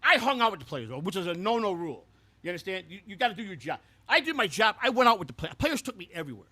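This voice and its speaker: A man's voice: high voice, very animated, very fast, pushed and bright, full character voice. A man playing a brash, profane ex-clubhouse guy. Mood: boastful. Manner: profane, rambling, stumbling over repeated words. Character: brash foul-mouthed ex-clubhouse man telling stories. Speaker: host. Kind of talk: scripted comedic character storytelling.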